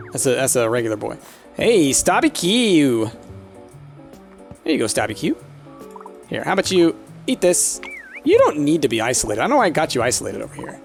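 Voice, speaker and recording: A man's voice: fairly high pitch, creaky. A man casually commenting on a game while streaming, chatty, laughing often and talking to the pets on screen.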